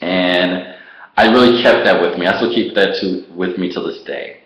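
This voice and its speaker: A man vlogger telling his personal story to the camera in an animated way, laughing often and acting out what he once said. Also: low-pitched, normal speed. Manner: animated, laughs often, acts out his own past words. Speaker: online business vlogger. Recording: roomy echo.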